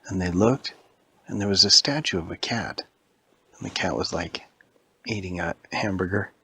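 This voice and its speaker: A man telling a made-up spooky story to a child, switching into high squeaky voices for characters and dropping to a whisper at scary moments. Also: normal speed, pushed and bright, a little hiss or hum. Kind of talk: improvised bedtime-style story for a child.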